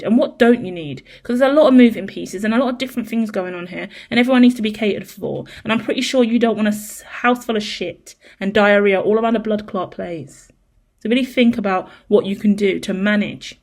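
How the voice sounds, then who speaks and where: Middle-aged woman tarot reader, rambling casual delivery, slightly high voice. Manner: chatty, rambling, exasperated storytelling. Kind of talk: casual tarot reading monologue.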